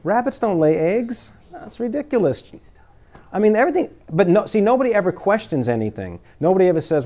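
This preacher's voice sits high and sing-song, mellow yet a little fast. He delivers an informal, conversational sermon packed with rhetorical questions, sometimes chuckling at his own jokes.

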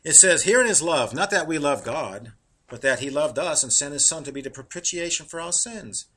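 Male preacher, middle-aged, husky edge, bright tone, slows down to read verses. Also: fairly high pitch. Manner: animated, laughing at his own jokes, slowing to read verses. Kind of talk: sermon.

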